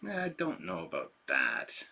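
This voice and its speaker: A man hosts a casual livestream, chatty and rambling as he answers his chat. His voice is deep and husky yet bright and forceful. A sensitive microphone picks him up close. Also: huge pitch swings, moderate pace. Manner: rambling, chatty, self-deprecating. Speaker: livestream host. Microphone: sensitive desk microphone.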